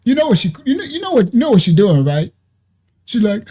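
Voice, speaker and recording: Reaction streamer, lively delivery with a soft husky tone, mocking and laughing between half-finished sentences. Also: mid-range voice, brisk, soft background music. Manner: mocking, laughs often, trails off and restarts. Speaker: commentator. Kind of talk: livestream reaction commentary.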